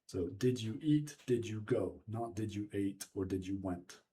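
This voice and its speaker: A man giving a relaxed, casual English lesson on video, often checking in with the listener. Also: fairly low pitch, unhurried, a little hiss or hum. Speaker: English teacher. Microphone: home video microphone.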